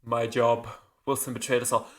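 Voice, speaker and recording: A man's voice: on the high side, fairly even intonation, normal speed, bright, forceful tone, pitched above the performer's own voice. A man voicing a cool, commanding woman scientist who gives curt, urgent orders. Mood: cold.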